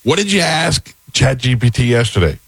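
A man's voice: mid-range voice, very animated, normal speed, vocal fry, a bit bright, slightly rough, dry recording. A man co-hosting a casual talk show, wry and teasing. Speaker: radio show co-host. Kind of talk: casual chat.

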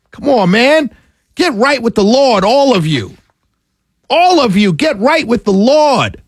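A male talk radio host rants with heat and often raises his voice, speaking right into the studio mic. His voice sits very high with a gravelly edge. The sound is dry and close, with no room echo. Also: very animated, unhurried. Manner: passionate, ranting, raises voice when angry.

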